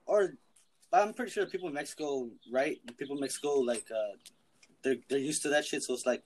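Brief: relaxed young man, mid-range voice, loose casual chat. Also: mid-range voice, quick pace, rough recording. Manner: laid-back, chimes in with reactions.

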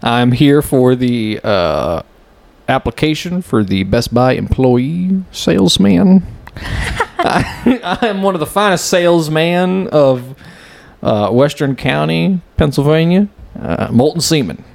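A bumbling, eager salesman , played by a man, talks in a put-on West Texas drawl. He halts and stumbles with many uhs. The voice sits a little higher than the man's own. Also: animated, vocal fry, darkish tone, heavily acted. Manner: hesitant, halting, full of uhs. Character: bumbling male job applicant salesman, eager.

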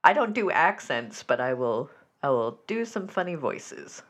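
A woman co-hosting a comedy podcast, talking in a low-key, halting way with dry, agreeing replies. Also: sing-song. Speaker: podcast co-host. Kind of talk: casual comedic chat.

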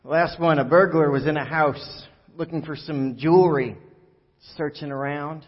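A pastor delivers a relaxed, joking sermon, full of fillers and asides. His voice rings out in a big echoey church hall. The recording sounds muffled and dull. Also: on the high side, moderate pace. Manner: conversational, joking, many fillers.

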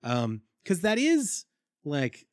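A man's voice: on the high side, huge pitch swings, slow, no echo, clean studio sound. A young man co-hosting a podcast, chatting casually and wryly, thinking aloud as he recaps. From Australia. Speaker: podcast co-host.

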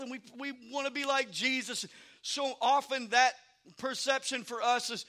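A male pastor preaching a sermon, swinging from hushed, chatty asides to shouted passages and repeating "I'm telling you.". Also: very high voice, fairly even intonation, normal speed.

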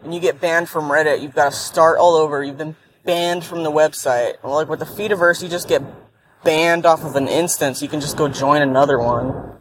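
A woman's voice: sits low, steady tone, a little fast. Tired, irritable woman ranting in a car. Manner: blunt, profane, irritable rant. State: tired from a sleepless night. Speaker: vlogger. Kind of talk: casual rambling monologue. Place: in a car while driving. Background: faint road and vehicle noise.

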